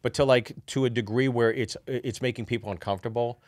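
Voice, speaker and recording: A man's voice: mid-range voice, steady tone, quick pace, dry recording, studio quality. A man co-hosting a comedy podcast, chatting animatedly and reading listener questions aloud. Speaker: podcast co-host. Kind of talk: casual comedic chat.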